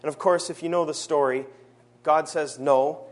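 A man preaching a sermon in a church service, earnest, slowing down to stress his key phrases. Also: a little high, steady tone.

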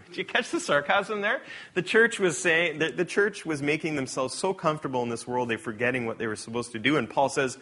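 A man delivers a sermon in a voice that sits a little high for a man. He reads scripture with lively, sarcastic emphasis and then drops to quiet, conversational asides to the congregation. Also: a little fast. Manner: animated, shifting between loud emphatic reading and quiet asides. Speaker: preacher.

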